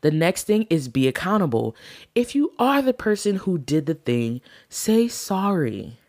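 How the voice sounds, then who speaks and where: A woman's voice: on the low side, big pitch swings, unhurried, a little mellow, dry recording, studio quality. A woman teaching a class on marriage, earnest and encouraging, speaking straight to her listeners.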